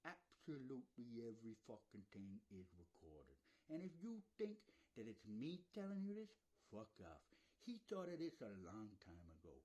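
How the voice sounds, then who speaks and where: A man's voice: medium pitch, huge pitch swings, moderate pace, few pauses, mellow, rough recording. A man ranting angrily to camera from his couch at home, swearing constantly and talking about himself in the third person. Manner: ranting, scornful, jabbing at the listener. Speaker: self-styled channel host. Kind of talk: profane angry rant to camera.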